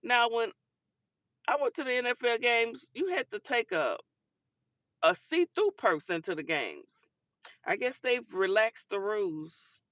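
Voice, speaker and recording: A woman's voice: a little high, expressive, measured pace, fairly bright tone, dry recording, clean studio sound. A woman hosting a casual talk show, chatting and giving sassy commentary on viral clips, calling listeners honey and baby.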